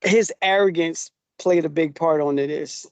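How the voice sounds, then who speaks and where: A man's voice: fairly high pitch, unhurried, smooth, no room sound. A male chef as a podcast guest, chatting casually and giving opinions with a laugh. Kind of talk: casual recap chat.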